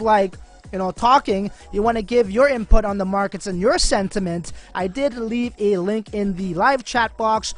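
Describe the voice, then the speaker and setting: A man's voice: sits high, a bit bright. Man, livestream host, casual slangy chat, lots of likes and bros, faint music behind. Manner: slangy, filler-heavy, addresses viewers as man and bro. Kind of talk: casual live-stream chat.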